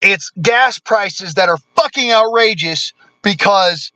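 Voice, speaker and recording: High, bright-voiced man ranting hard. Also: animated, slow, no room sound, poor audio. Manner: heavy cursing, blunt and combative. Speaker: vlogger. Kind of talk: profane political rant.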